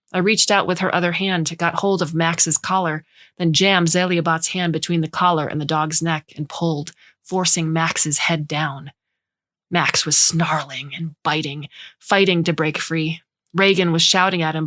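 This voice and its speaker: Low-voiced woman narrating a story. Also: no echo, studio quality. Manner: measured, expressive reading.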